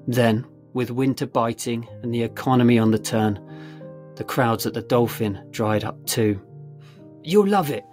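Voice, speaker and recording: Faint guitar music plays behind a man narrating a story. He reads in a steady, measured, mid-range voice.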